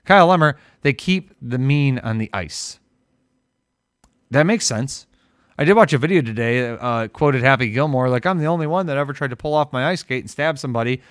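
A man's voice: mid-range voice, fairly quick, smooth, no echo, clean studio sound. A man from Ohio co-hosting a casual live-stream chat, joking and riffing with his co-host. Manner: joking, riffs into loud impressions.

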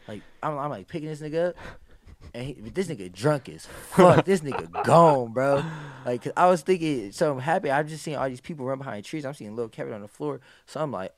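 A man's voice: mid-range voice, fairly quick, dry recording. A man, a podcast guest, telling a story in casual, profane speech and acting out what people said. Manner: animated, profane, acts out quoted lines.

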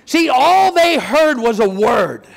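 Older man, preacher, sermon, very high pitch, lively intonation, animated storyteller, occasional shouts. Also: slow pace, gravelly. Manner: animated storytelling, acts out children's voices, bursts into shouts. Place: church sanctuary.

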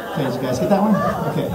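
A man giving a jokey mock language lesson, rambling and restarting himself with constant okays. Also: on the high side. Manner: rambling, self-interrupting, lots of okays. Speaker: comedic language teacher. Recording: echoey room, distant mic.

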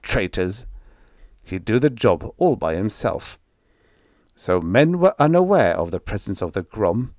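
A man narrating a vintage science fiction audiobook with expressive storytelling. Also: on the low side, unhurried, no echo, studio quality.

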